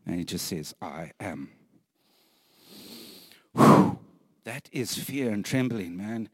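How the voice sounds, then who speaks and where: Man preaching, very slow delivery, earnest and emphatic, hushed whispers at times, dry close sound. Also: fairly low pitch, no echo, long reverb tail. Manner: repeats phrases, laughs lightly between points. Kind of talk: sermon.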